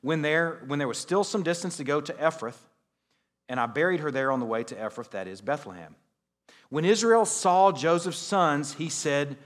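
A man's voice: medium pitch, lively intonation, fairly quick. Man preaching with casual joking asides. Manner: casual joking asides, wide swings in loudness. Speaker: pastor. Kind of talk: sermon.

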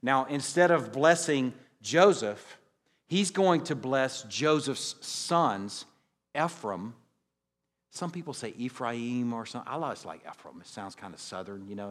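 A male pastor preaching a sermon, reading scripture and explaining it with casual, joking asides, his loudness swinging widely. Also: medium pitch.

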